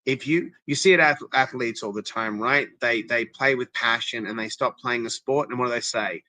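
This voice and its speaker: Forceful, emphatic man coaching. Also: mid-range voice, normal speed, no echo. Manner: emphatic and coaching, checking in with "okay?" and "right?". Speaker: interventionist guest. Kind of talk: motivational interview talk.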